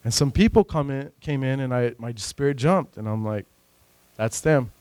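A man giving an earnest, emotional personal faith testimony, rambling and filling pauses with "you know.". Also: medium pitch, lively intonation, a little mellow, no room sound. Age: adult with a son. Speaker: church member giving a testimony.

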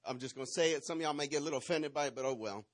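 A man's voice: medium pitch, rapid-fire. A man preaching a sermon, telling a playful, dramatic story and acting out the parts. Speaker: pastor.

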